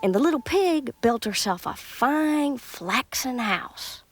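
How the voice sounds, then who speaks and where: A woman, reading a storybook aloud as a folksy, expressive storyteller. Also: high voice, takes it slowly. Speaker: narrator. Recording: loud music underneath.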